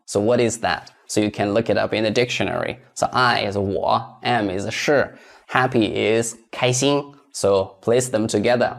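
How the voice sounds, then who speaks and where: Man calmly teaching a grammar lesson. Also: fairly low pitch. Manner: methodical, repeats example sentences slowly twice. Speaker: Chinese language teacher.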